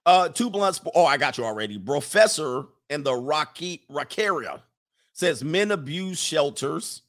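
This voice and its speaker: A man's voice: on the high side, animated, unhurried, a bit bright. A man hosting a casual livestream, reading chat comments and giving emphatic opinions, often repeating phrases for effect.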